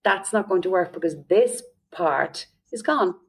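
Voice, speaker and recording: A woman with an Irish accent speaks as a parenting coach in a relaxed podcast interview. Her voice sits a little low for a woman. She explains in a lively way and slips into the voices of the parents and children she describes. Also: unhurried, creaky, slightly rough. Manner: lively, often acts out quoted parents and children.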